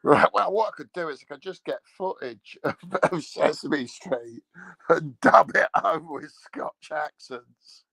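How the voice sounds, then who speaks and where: A man with a gravelly, slightly high voice hosts his own show in a loose, rambling monologue. He talks slowly and swears freely, joking as he goes. The sound is close and dry. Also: lively intonation, bright, forceful tone, no echo, rough recording. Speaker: streamer host.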